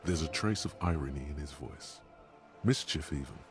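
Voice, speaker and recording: An actor voicing a deep, ominous narrator in a video game. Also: male voice, normal speed, faint music behind. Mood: dry. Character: deep omniscient inner-voice narrator, man. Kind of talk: game voice acting.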